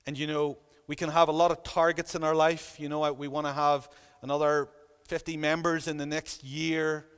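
A man's voice: a little high, flat delivery, normal speed, a bit bright, smooth, in a large hall. A man preaching a sermon in a church, earnest and emphatic, repeating phrases for weight.

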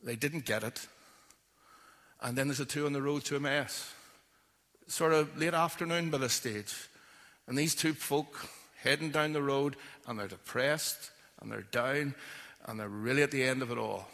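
A man's voice: normal speed, creaky, bright, forceful tone, big-room sound. A man preaching a sermon, telling the story vividly and acting out the voices in it. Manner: storytelling, acts out quoted voices with rising pitch.

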